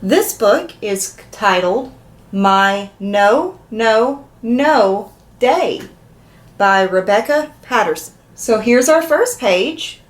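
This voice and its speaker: A woman's voice: a little high, very slow. A woman reading a picture book aloud to young children, asking them questions as she goes. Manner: animated, asks the young listeners questions. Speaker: children's story reader. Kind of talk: interactive read-aloud for children.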